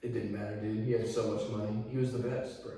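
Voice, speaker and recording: Man, casual slangy chat, low mellow voice, echoey room, set back from the mic. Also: little pitch movement, fast, distant mic. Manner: slangy, laid-back, drops into mock voices for bits. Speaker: podcast guest.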